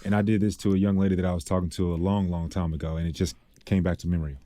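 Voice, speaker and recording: A man's voice: sits low, fairly even intonation, rapid-fire, mellow, no room sound. A man co-hosting a podcast, an easygoing storyteller in casual chat who laughs often. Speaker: podcast co-host.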